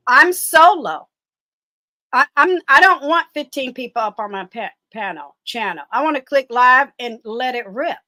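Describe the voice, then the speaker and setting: A woman guest talking casually and bluntly, animated and profane. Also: high-pitched, moderate pace, no room sound. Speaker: guest commentator. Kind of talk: casual chat.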